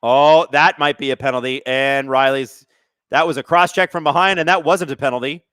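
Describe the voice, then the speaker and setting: A man hosting a live hockey watch-along stream, commenting casually on the play and reading chat, excitable and sarcastic, swearing at the refs. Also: a little high, normal speed, clear, resonant tone, dry recording, clean studio sound.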